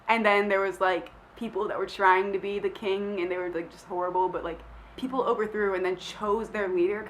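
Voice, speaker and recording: A woman's voice: medium pitch, rough recording. Young woman, casual vlog chat, rambling and self-deprecating, a bit sick, faint room hum. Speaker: vlogger answering questions.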